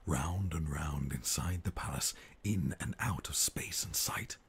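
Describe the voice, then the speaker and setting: Eerie game storybook narrator, played by a man, deep rasping whisper, slow sing-song rhyme, whispered role-play. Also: heavily acted. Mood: ominous.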